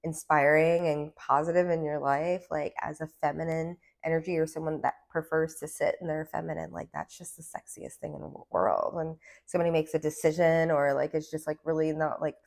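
A woman giving a casual tarot reading to her viewers, with a low voice and a gravelly, fried edge. She rambles in loose asides, studded with "like," in a breezy valley-girl lilt. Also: level tone, fairly quick, hardly any pauses, darkish tone. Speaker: tarot reader.

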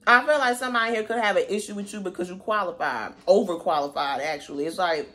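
A woman's voice: lowish voice, quick pace. Sassy woman doing a tarot reading. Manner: sassy, slangy, animated asides. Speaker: tarot reader.

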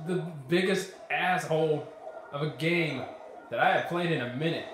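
A man commentating his own video game play, frustrated and swearing at the game, often shouting. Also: on the high side, moderate pace, very echoey, music in the background. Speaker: gaming YouTuber.

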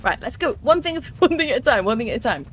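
A young woman streaming a video game, chatting excitably to the creatures and her viewers as she plays. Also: on the high side, fast, a little hiss or hum. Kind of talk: let's play commentary. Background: faint game music.

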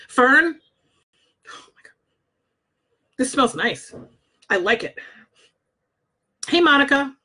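A woman's voice: a little high, fairly bright tone. A married woman, a scent consultant, chatting bluntly and swearing casually as she reads scent descriptions aloud in a vlog. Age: adult, married. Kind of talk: casual product review vlog. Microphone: own microphone.

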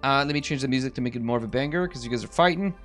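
A man's voice: mid-range voice, rapid-fire, soft background music. A man running an online tabletop game as game master, joking around and stalling with fillers while he sets up. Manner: lively, jokey, stalls with fillers while setting up.

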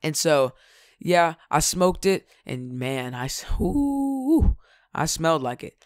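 A man's voice: fairly high pitch, a little slow, clean tone, no echo, clean studio sound. A young man casually telling a rambling story as a vlogger, often laughing at his own jokes.

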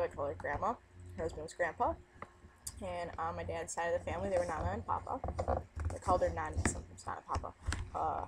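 A woman's voice: lowish voice, very noisy. A young woman, casually reading a dialect word list and rambling through her answers. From United States. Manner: rambling, self-questioning asides.

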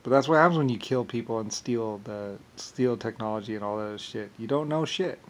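A man's voice: fairly low pitch, brisk. A man in a rambling monologue, agitated, swearing often and making grandiose claims.

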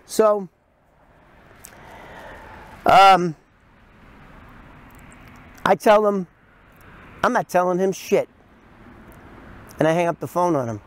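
A man's voice: sits high, slow pace, long pauses. A middle-aged man telling a story in a casual way to camera, acting out the quoted voices with animation.

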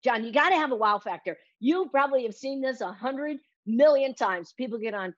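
Energetic woman on a video call. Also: fairly high pitch, normal speed, no echo, highs cut off. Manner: energetic, acts out quotes with shifting voice. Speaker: guest, speaking coach. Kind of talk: lively interview talk.

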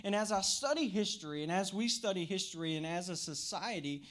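A man's voice: high-pitched, animated, normal speed, hardly any pauses, a bit bright. A man preaching a sermon in a church as pastor, with a slight country twang, upbeat and chatty, talking to the room and to viewers online. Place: church sanctuary.

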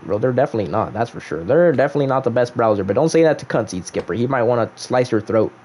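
A man's voice: mid-range voice, lively intonation, very fast, slightly rough. Playful young man streaming a game. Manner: playful slang-heavy banter, jumps between loud outbursts and mock-solemn murmurs. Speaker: gaming livestreamer. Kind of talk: casual livestream commentary.

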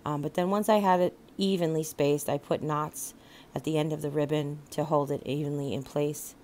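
A woman hosting a craft channel, talking through a do-it-yourself sign project step by step in a chatty, casual way with many pauses and fillers. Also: sits low, steady tone, darkish tone, slight background noise. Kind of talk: casual craft tutorial voice-over.

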